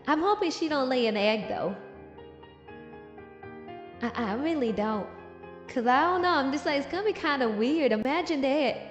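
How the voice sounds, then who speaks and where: A woman with a high, bright voice chats through a comic recap in an animated, sassy way, teasing the characters as she goes. Her voice rings in an echoey room with a long reverb tail, and faint music sits underneath. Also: moderate pace, pauses often, highs cut off. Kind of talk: casual comic review commentary.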